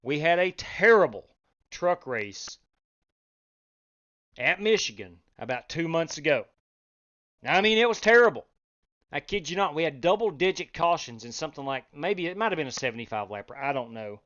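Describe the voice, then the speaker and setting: A man hosting a sim racing league live stream, chatting casually, reading out chat and breaking into loud exclamations. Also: on the high side, animated, moderate pace, dull audio. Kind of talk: live-stream race commentary.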